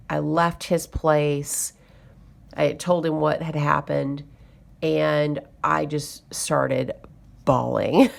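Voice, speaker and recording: A woman's voice: deep voice, gravelly. A woman chatting to camera as a budgeting vlogger, telling a story in a chatty, exasperated way. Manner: chatty, exasperated retelling with fillers. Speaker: budgeting YouTuber.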